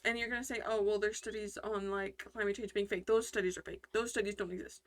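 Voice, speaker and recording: A woman's voice: mid-range voice, fairly even intonation, fast. A woman hosting casual gameplay commentary, talking in a rambling, heated way with lots of fillers and restarts. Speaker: gaming channel host.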